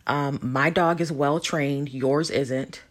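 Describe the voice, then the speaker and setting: The commentator voicing a smug adult man, a controlling boyfriend who calmly justifies himself. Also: medium pitch, slow pace, lightly acted. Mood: self-justifying. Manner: calm, self-justifying.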